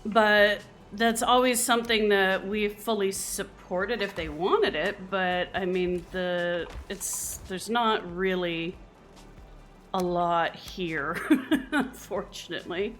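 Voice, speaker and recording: A woman's voice: mid-range voice, takes it slowly, fairly bright tone, faint music behind. A Canadian woman streamer in casual chat while she plays a game, chatty and often laughing. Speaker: live streamer.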